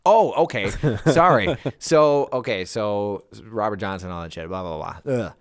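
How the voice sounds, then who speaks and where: A man's voice: lowish voice, unhurried, no echo, studio quality. A man co-hosting a casual podcast, rambling and swearing with many fillers. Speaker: podcast co-host. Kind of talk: casual chat. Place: home basement.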